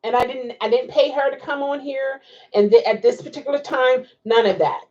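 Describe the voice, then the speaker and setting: A woman's voice: high-pitched, brisk, darkish tone, highs cut off. A woman hosting a casual livestream, chatting and reacting to viewer comments with frequent laughs. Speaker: livestream host.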